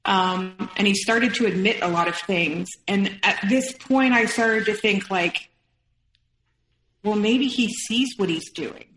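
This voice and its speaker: Speaking in a medium-pitched, slightly bright voice through a low-quality, reverberant recording, a woman shares a personal story. She's in her thirties and a podcast guest, emotional as she rapidly retells and acts out what others said.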